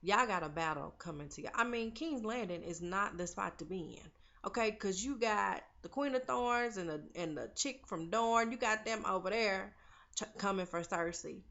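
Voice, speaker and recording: A woman's voice: medium pitch, moderate pace, gravelly, a bit bright, highs cut off. A young woman casually recapping a TV episode, chatty and opinionated, talking to viewers like friends. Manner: chatty and opinionated, talks to viewers as "girl" and "y'all". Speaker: TV recap vlogger.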